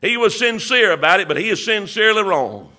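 A man preaching a sermon, stretching his words with many "uh" pauses and building to emphatic bursts. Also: sits high, lively intonation, bright, forceful tone.

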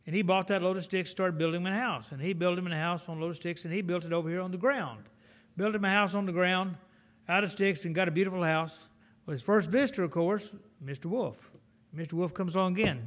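A middle-aged man preaching a folksy sermon in an animated, storytelling way. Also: high voice, a little fast.

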